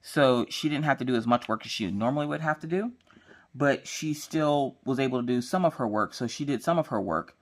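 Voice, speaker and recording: A woman's voice: extremely low pitch, fairly quick. Playful, slangy woman telling a story. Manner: acts out quotes in changing voices. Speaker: diamond painting craft vlogger. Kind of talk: casual chat while crafting.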